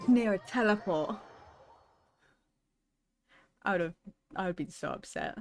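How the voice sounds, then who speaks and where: Fields: Sex: woman. Role: streamer. Pace: slow. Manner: chatty, giggly. Style: gaming stream commentary. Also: on the low side, a little hiss or hum. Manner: chatty, giggly, thinking aloud.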